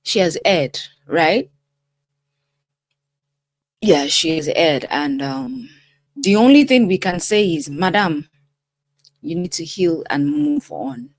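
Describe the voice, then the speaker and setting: A middle-aged woman hosting her own channel as a life coach, talking straight to viewers in an expressive, emphatic way. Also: on the low side, slow pace, long pauses, no room sound. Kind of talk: casual commentary to camera.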